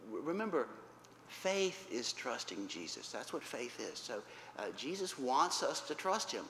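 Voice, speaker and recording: Speaking a little slowly, a man gives children a Bible lesson in a fairly bright, medium-pitched voice full of animation. He repeats ideas plainly and checks understanding with "okay?" and "right?". Faint noise and the echo of a large church hall come through.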